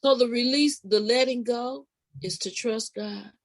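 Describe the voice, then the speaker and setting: A woman guesting on a podcast as a spiritual life coach, telling a personal story casually and expressively, her voice leaping high at the big moments. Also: unhurried, poor audio. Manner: animated, expressive retelling with sudden pitch leaps; casual, informal phrasing with restarts.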